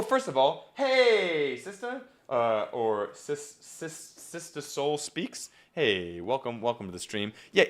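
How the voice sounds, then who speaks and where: A young man coaching comedy writing on a live stream, talking casually with lots of fillers and restarts and jumping into acted-out bits. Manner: animated, jumps into acted-out bits with big pitch swings; repetitive fillers (yep, okay), restarts.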